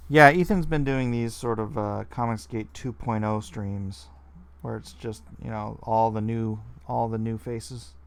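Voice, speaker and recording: A man hosting a casual live stream from home, relaxed and chatty, repeating short phrases. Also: lowish voice, measured pace, gravelly, clean tone. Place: home, with kids audible in another room.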